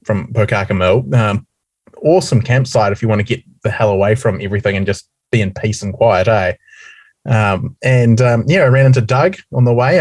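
A man's voice: mid-range voice, no echo. A young man with a New Zealand accent co-hosting a casual podcast, telling stories in a chatty, cheeky way. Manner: chatty, cheeky, lively storytelling. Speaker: podcast co-host. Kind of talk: casual chat.

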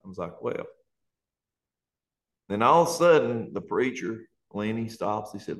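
A man's voice: fairly low pitch, lively intonation, moderate pace, long pauses. A man with an Appalachian accent, a pastor, telling his conversion story in an earnest, fervent way, at times close to tears. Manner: earnest, fervent, colloquial grammar. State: near tears. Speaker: pastor and guest. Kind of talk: emotional testimony.

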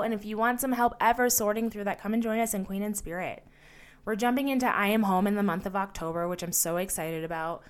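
A young adult woman hosting a solo coaching podcast, gently encouraging the listener and asking them questions. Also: mid-range voice, fast. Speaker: life coach and podcast host.

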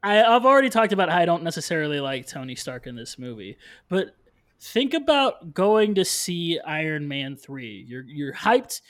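A man with a notably high voice talking films in a casual podcast. He argues a contrarian view and holds his ground against the others. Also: sing-song, normal speed, fairly bright tone. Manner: contrarian, argumentative. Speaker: podcast co-host. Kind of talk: casual film discussion.

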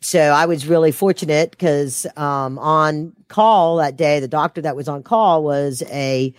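A woman's voice: low-pitched, unhurried, no room sound, clean studio sound. A woman telling a personal story as an interview guest, her voice rising when she quotes herself.

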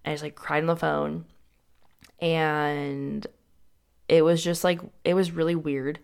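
A young adult woman tells her story candidly as a guest. Her voice sits low and has a gravelly fry. She talks in a loose, casual way, full of "like" and restarted sentences. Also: flat delivery, measured pace, darkish tone. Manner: casual, heavy use of "like", frequent restarts.

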